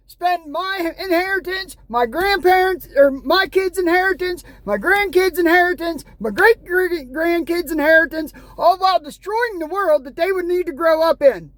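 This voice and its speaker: A woman's voice: extremely high pitch, moderate pace, few pauses, no room sound. A woman from the United States ranting in a vlog, exasperated and sarcastic, breaking off to read news headlines aloud. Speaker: vlogger. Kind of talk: angry political rant vlog.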